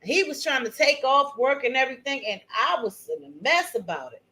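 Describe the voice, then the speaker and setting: A woman's voice: high voice, lively intonation, brisk, bright, forceful tone, poor audio. Chatty middle-aged woman telling stories. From Maryland. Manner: chatty, emphatic, addresses viewers as y'all and honey. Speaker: channel host. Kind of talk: casual storytelling to viewers.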